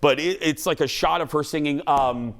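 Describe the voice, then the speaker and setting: A man with a slightly high voice, talking at normal speed, hosts a talk show. He chats casually about entertainment news, animated and rambling, with lots of restarts.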